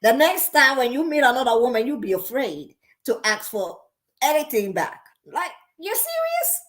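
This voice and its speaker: A sassy woman reacting to a story in casual commentary, talking emphatically and breaking into laughs. Her voice sits a little high for a woman. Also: animated, normal speed. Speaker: reaction video host.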